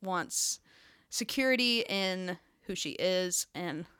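Bright, giggly young woman co-host. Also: takes it slowly, smooth, dry recording, clean studio sound. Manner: giggly, animated, acts out quotes in high voices. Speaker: podcast co-host. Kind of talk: casual chat.

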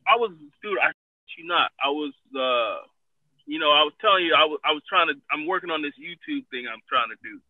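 A man from Los Angeles telling loud, profane stories in casual chat, laughing and quoting others. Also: fairly high pitch, expressive, a little fast, no room sound. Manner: loud, profane storytelling with laughs and quoted voices. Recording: dry, phone-like narrow sound.

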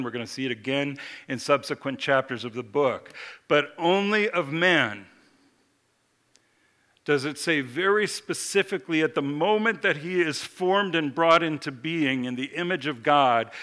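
A man preaching a sermon in a measured way, slowing down when he reads scripture and building emphasis on key points. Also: mid-range voice, pushed and bright.

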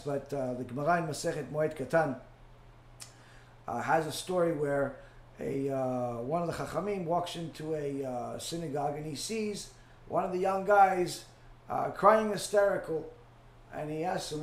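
A man leads a religious class and takes questions, stopping often on fillers and saying his main points twice. His voice sits a bit high for a man. The room around him is echoey. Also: lively intonation. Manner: halting, many fillers, repeats key phrases. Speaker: rabbi teacher. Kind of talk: Torah class Q&A.

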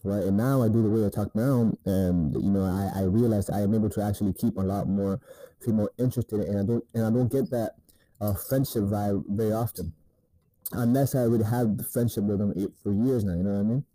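A man's voice: lowish voice, fairly even intonation, fairly quick, dark tone, no room sound, low-quality recording. A man giving laid-back, profane dating advice in a rambling casual monologue, often asking "you know what I mean".

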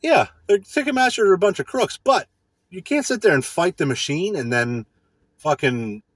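In an expressive monologue at normal speed, a podcast host rants casually and profanely, ridiculing those he dislikes. His husky voice swings widely in pitch, and the sound is close and dry with no echo.

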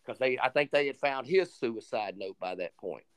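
Guy on a podcast telling a story, gets animated, voices the people he quotes. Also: mid-range voice, normal speed, clear, resonant tone. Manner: animated retelling, acts out quoted dialogue. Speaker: podcast co-host. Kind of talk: casual storytelling chat.

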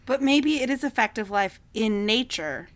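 A woman's voice: on the high side, moderate pace. A woman in casual book chat who laughs a lot and acts out little quoted voices. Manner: giggly, animated, acts out quotes. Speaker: book club discussant.

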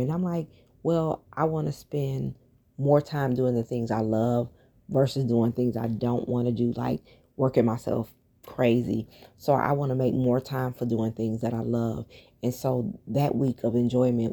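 A woman hosting a solo podcast, talking through her plans in a relaxed, reflective way with lots of fillers and restarts. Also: very deep voice, gravelly, breathy edge. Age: adult, has a daughter. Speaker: podcast host. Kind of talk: casual solo podcast talk.

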